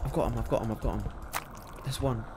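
A man's voice: medium pitch, quick pace, background noise. A man giving a horror game play-through, swearing constantly and easily startled. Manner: swears constantly, jumpy and loud. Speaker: gaming YouTuber.

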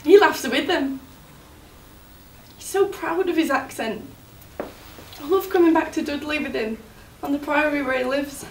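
An actress playing a grieving young fiancée in a stage monologue, speaking in an emotional, halting way. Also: female voice, high-pitched, a little hiss or hum. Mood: tender. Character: young woman, grieving fiancée, anxious and devoted. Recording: roomy, distant from the mic.

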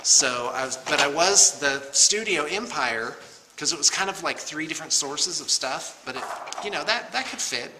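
A man's voice: a little high, animated, moderate pace. A middle-aged man who runs a painting studio, chatting casually and joking at his own expense while he unboxes miniatures. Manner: joking, rambling, self-mocking. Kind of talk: casual chat. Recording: noisy room recording.

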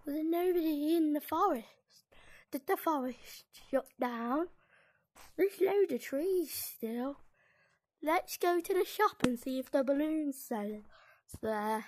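Woman, bouncy sing-song voice, playful game chatter, very animated. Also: high voice, slow, dry recording. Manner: playful, sing-song, breaks into shrieks and giggles. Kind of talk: playing a game and narrating her own actions.

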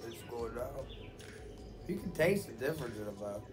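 A man's voice: mid-range voice, animated, moderate pace, music in the background. A man hosting a casual vlog, talking in a laid-back, rambling way full of fillers. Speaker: vlog host. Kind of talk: casual product review chat.

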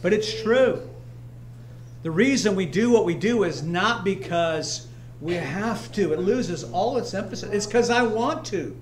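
A man's voice: sits high, animated, measured pace. A man pastor preaching a sermon in a church, emphatic and repetitive, weaving in personal stories. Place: church sanctuary, streamed live.

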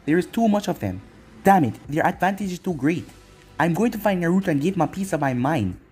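A man's voice: on the high side, lively intonation, fairly quick, darkish tone, husky, soft background music. A man voicing a wounded, tired female ninja fighter in a fan-made story reading, sounding worn out and irritated.

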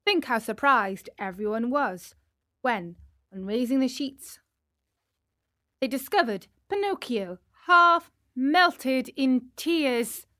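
Slow, careful woman storyteller. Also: high voice, expressive, sharp tone, no echo, studio quality. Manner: careful, clear narration. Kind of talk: slow storybook reading for learners.

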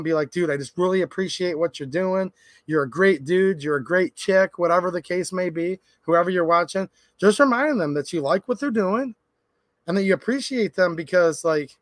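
A man's voice: a little high, no echo. A man in his thirties hosting a livestream, chatting casually and telling a rambling story with lots of fillers. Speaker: livestream host.

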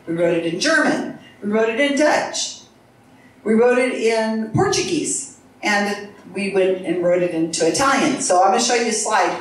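A woman's voice: mid-range voice, a little hiss or hum. A woman giving an earnest live talk with slides, speaking to an audience in a lecture room. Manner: earnest, talks to the crowd. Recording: echoey room from far off.

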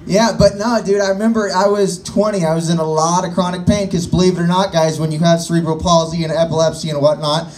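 A man's voice: a little high, flat delivery, fast talker, hardly any pauses, darkish tone. A man in his late twenties doing a crude, self-mocking stand-up set on a bar stage, talking straight to the crowd. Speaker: stand-up comedian. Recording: distant mic with faint room noise.

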